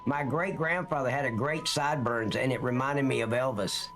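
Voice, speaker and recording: A man's voice: mid-range voice, normal speed, a bit bright, soft background music. A middle-aged man hosting a live stream, reacting to police videos and joking with his chat in a rambling, teasing way.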